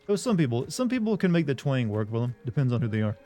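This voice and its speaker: Mellow-voiced young man with a slight Southern US twang. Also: medium pitch, sing-song, quick pace, faint music behind. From Southern United States. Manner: chatty, rambling, self-deprecating. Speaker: streamer. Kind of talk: casual live-stream gaming chat.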